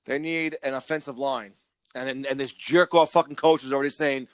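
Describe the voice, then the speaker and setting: A man's voice: mid-range voice, fairly even intonation, brisk, clean tone, no room sound. A man co-hosting a casual podcast, ranting with lots of swearing and stammering on restarts. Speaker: podcast co-host.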